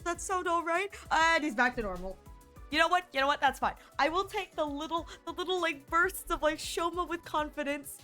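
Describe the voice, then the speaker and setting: A young woman streaming a game, gushing and animated as she comments and reads lines aloud. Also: extremely high pitch, normal speed, soft background music. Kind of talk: let's play commentary.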